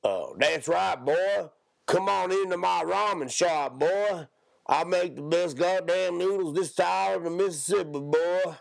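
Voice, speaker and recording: A man doing a loud, drawling, blustering tough-guy voice in a comedic podcast bit. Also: sits high, measured pace, creaky, pitched above the performer's own voice, exaggerated voice. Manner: shouty drawl, tacks "boy" onto lines.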